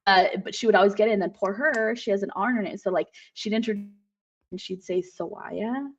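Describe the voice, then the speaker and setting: A woman co-host chatting casually, telling animated stories and often breaking into laughter. Her voice is mid-pitched. The recording sounds a bit dull and muffled. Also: quick pace, far from the mic. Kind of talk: casual chat.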